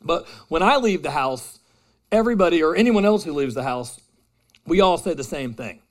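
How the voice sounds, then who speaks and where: Male pastor, thirties, slightly high voice, chatty self-mocking sermon delivery. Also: lively intonation, normal speed. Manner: casual, self-deprecating and conversational with the congregation. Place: church hall with a live congregation.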